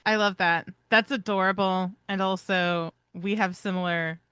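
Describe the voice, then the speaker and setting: Bright, bubbly woman co-host. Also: mid-range voice, fairly even intonation, unhurried, clear, resonant tone, no echo, clean studio sound. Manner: bubbly, laughing, explaining. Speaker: podcast co-host, animal behavior trainer. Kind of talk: casual chat.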